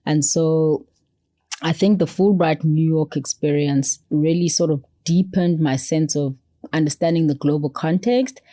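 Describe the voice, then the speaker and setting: A woman from South Africa chats as a podcast guest, her voice low and warm. She tells stories with animation and drops into playful voices for quotes. The sound is dry and close. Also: fairly even intonation, a little slow, dry recording. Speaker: podcast guest, foundation CEO. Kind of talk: animated conversational storytelling.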